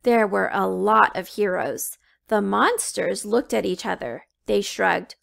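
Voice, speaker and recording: A woman reading a children's storybook aloud, slow and expressive. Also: mid-range voice, gravelly. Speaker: children's book reader.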